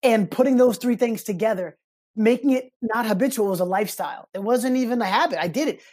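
A man telling a personal story as a podcast guest, animated and expressive, slipping into other people's voices as he recounts them. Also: sits high, fast. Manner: animated, acts out quoted voices in his stories. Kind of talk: casual storytelling interview.

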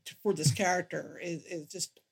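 A woman's voice: on the low side, fairly even intonation, moderate pace, vocal fry, breathy edge. A woman joins a casual film podcast as co-host, chatty and easily amused, laughing often. Her talk is loose, with plenty of likes and you-knows. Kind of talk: casual chat.

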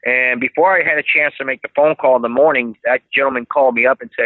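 A man's voice: mid-range voice, fairly even intonation, quick pace, hardly any pauses, dry recording. A man telling stories as an interview guest, rambling with many restarts. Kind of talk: casual interview storytelling. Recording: dry tinny phone-like line.

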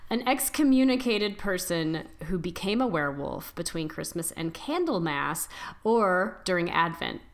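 A woman's voice: fairly low pitch, expressive. A woman co-hosting a podcast, casually reading folklore from her notes and stumbling over words now and then. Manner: reads from notes with halting restarts. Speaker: podcast co-host.

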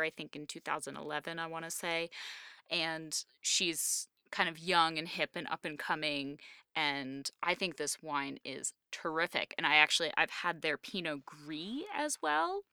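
A woman's voice: deep voice, lively intonation, moderate pace, bright, forceful tone, clear, resonant tone, no room sound, studio quality. A woman co-hosting a podcast in casual chat, talking in a chatty, digressive way with many fillers. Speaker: podcast co-host.

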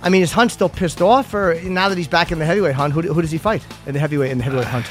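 Slightly high voiced guy hosting, loose and cussing, faint music behind. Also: very fast. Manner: loose, stumbling, swears casually. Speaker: podcast host. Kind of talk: casual chat.

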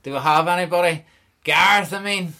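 A man's voice: high-pitched, a little fast, sharp tone. A man with a Northern Irish accent hosting a podcast, joking and laughing as he chats. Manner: jokey, laughing, rambling. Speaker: podcast host. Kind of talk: casual chat.

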